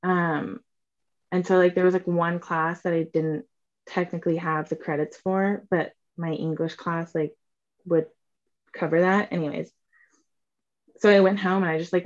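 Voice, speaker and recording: Animated young woman telling a story. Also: low voice, dull audio. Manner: animated, acts out quotes, swears, says "like" often. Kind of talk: casual storytelling chat.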